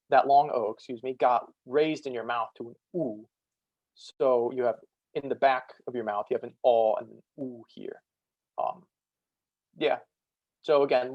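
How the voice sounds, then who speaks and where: A young man giving a casual student presentation over a video call, full of fillers, slowing to demonstrate sounds. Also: mid-range voice, vocal fry, no echo, highs cut off. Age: young adult. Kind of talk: online lecture on ancient Greek pronunciation.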